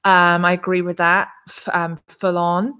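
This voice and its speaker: A woman's voice: lowish voice, little pitch movement, unhurried, bright, forceful tone, clean tone. A woman from England hosting a casual crypto livestream, chatting as she reads out viewer comments, rambling with many restarts and fillers. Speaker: crypto channel host. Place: her condo in Arizona.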